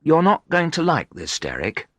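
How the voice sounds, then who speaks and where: A flustered woman friend protests in quick, rising phrases, voiced by a man. The voice sits well above his usual register and swings up and down a great deal. The read is close and dry, with no room sound. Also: a little high, wildly swooping pitch, a bit bright, dry recording, voice pushed up, full character voice. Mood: evasive.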